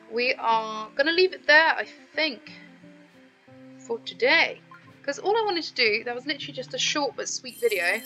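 A chatty woman narrating her gameplay and talking straight to her viewers. Her voice is bright and a little high, with a crisp edge. Faint game music plays underneath. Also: poor audio. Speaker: gaming channel host. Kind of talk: casual gameplay commentary.

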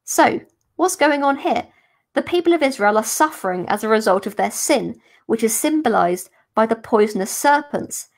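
A woman, a religious sister, explaining a gospel passage in a careful, unhurried teaching manner for a podcast. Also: a little high. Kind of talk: podcast scripture commentary.

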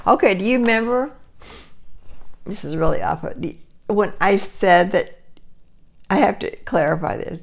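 A woman in her sixties, host of her own channel, telling a rambling personal story in casual chat, with restarts and soft laughs. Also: on the low side, gravelly. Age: 60s.

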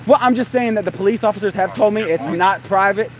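A man's voice: sits high, fast, background noise. A man on a live-stream vlog, arguing and then muttering to himself, recorded outdoors in a parking lot at night on a handheld phone. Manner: agitated, argumentative, muttering to himself. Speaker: live streamer exploring locations.

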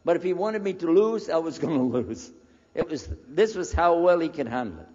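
An American preacher in his sixties tells a personal story in a lecture, animatedly acting out the conversations he remembers. His voice is a little high and his speed normal, recorded dull and lo-fi in a reverberant hall.

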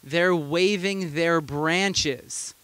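A man's voice: fairly high pitch, very slow, fairly bright tone, smooth, no echo. A man pastor preaching a sermon, retelling a story conversationally with amused asides.

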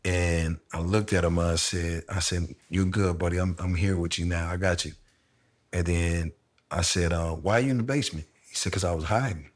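Middle-aged man, very low and even delivery, reflective casual storyteller. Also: moderate pace. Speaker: interviewee sharing a personal story. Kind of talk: candid conversation.

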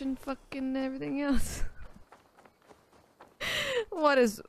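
A woman streaming a game with casual live commentary, excitable, swearing freely and laughing often. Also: on the high side, moderate pace.

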